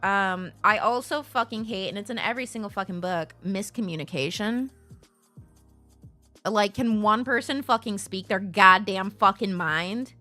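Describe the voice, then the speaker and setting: A woman live streamer chatting casually with her viewers, blunt and animated and swearing freely, into a streaming microphone. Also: mid-range voice, moderate pace, faint music behind.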